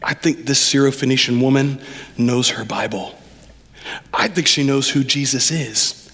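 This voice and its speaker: A man preaching a lively sermon as pastor, addressing the congregation directly and with animated delivery. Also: mid-range voice, unhurried, gravelly, breathy edge, long reverb tail. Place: church sanctuary.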